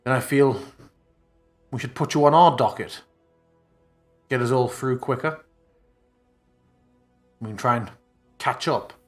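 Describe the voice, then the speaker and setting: A man at a mid-level pitch speaks as a player, sliding from casual explanation into formal in-character lines. Soft music plays in the background. He pauses and repeats himself as he sorts out his thoughts. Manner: mixes in-character lines with table talk. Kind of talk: casual tabletop role-play.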